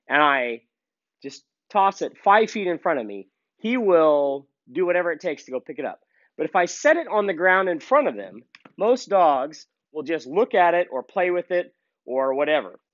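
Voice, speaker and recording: A man training a gun dog and explaining each step casually, breaking off for sharp commands to the dog. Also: fairly high pitch, no room sound, dull audio. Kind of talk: hands-on training demonstration.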